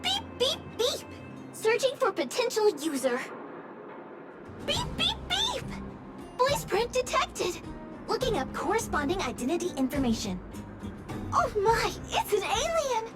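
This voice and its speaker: A woman's voice: very high voice, huge pitch swings, measured pace, full character voice. A woman voicing a cheeky little robot object finder in a video game, chirping beeps and sassy announcements. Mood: chirpy. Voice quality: says "beep" aloud between lines. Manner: sassy, cheerful, singsong announcements. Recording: game audio with background music.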